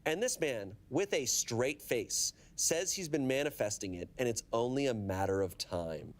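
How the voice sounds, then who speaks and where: Guy reading a story to his friends, really lively ups and downs. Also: mid-range voice, measured pace, noisy background. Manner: animated storytelling. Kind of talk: reading a story aloud and chatting.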